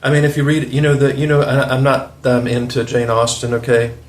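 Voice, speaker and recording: A man's voice: medium pitch, flat delivery, brisk. A man in his forties with a Southern US accent, hosting a rambling, opinionated monologue with chuckling asides. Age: 40s. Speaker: video host. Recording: roomy echo.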